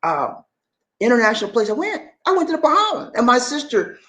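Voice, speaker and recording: Lively, chatty male travel vlogger. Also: extremely high pitch, fairly quick. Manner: animated, chatty, calls the viewer "man" and "baby", repeats points. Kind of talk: casual advice to camera.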